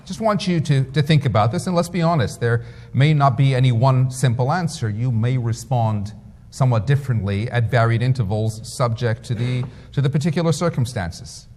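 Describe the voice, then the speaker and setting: A man, a rabbi, giving a lecture that moves between storytelling and measured rhetorical questions put to his audience. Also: mid-range voice, a little mellow, slight background noise. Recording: lecture hall with long reverb.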